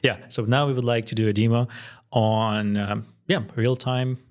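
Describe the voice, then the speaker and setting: A man co-hosting a tech podcast, talking in a relaxed, easygoing way with frequent fillers during a live demo. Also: mid-range voice, normal speed. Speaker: podcast co-host, company co-founder. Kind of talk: casual demo chat.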